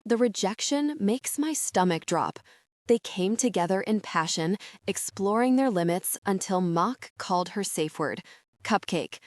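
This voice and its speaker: A woman narrating a first-person romance audiobook in an intimate, measured reading. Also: medium pitch, expressive, darkish tone, dry recording, clean studio sound.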